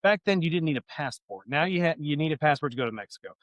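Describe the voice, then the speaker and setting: A man's voice: a little high, lively intonation, fast talker, no room sound, muffled recording. A man co-hosting a podcast, telling long profane stories in a loose, rambling way. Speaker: podcast co-host. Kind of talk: casual podcast chat.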